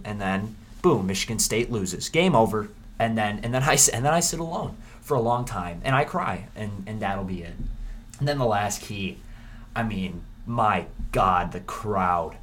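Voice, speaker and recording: Low-voiced rambling sports talker. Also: male voice, moderate pace, slight background noise. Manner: rambling, animated, frequent restarts. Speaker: sports podcast host. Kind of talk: casual sports preview talk.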